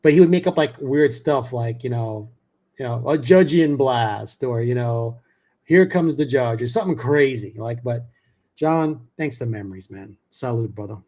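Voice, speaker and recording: A man's voice: medium pitch, moderate pace, mellow. A middle-aged man from the New York area hosting a casual sports talk show, chatty, with many fillers and repeated words.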